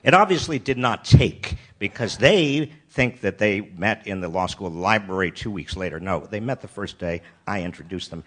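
An older man from the United States shares a memory from his student days. His voice sits somewhat low and he speaks in a halting way, circling back over his own phrases. His humor is wry and turned on himself. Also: lively intonation, a bit bright. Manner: wry, self-deprecating, halting with restarts. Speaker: storyteller. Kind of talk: personal anecdote talk.

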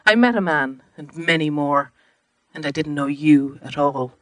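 A woman's voice: low-pitched, unhurried, no echo. A woman reading aloud as a young woman recalling men, in a rhythmic, incantatory way. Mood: raw incantatory.

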